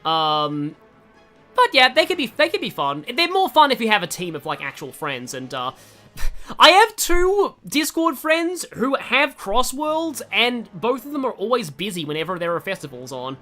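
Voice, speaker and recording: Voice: medium pitch, very animated, moderate pace, bright, forceful tone, faint music behind. A young adult streamer giving casual, rambling gameplay commentary, often breaking off mid-sentence. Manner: rambling, chatty, self-interrupting. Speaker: gaming streamer.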